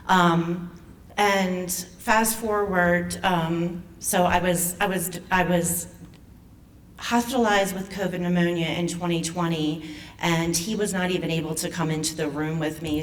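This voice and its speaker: A woman in her forties, a foundation president, nervously and emotionally telling her own patient story at an event, with halting restarts. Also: fairly low pitch, distant mic, a little hiss or hum. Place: event hall.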